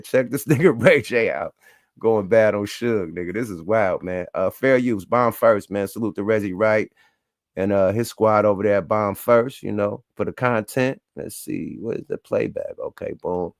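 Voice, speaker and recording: Profane, animated live-stream host, man. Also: fairly low pitch, unhurried, dry recording, clean studio sound. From US West Coast. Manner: profane, loose and animated, reacting to clips. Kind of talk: casual live-stream commentary.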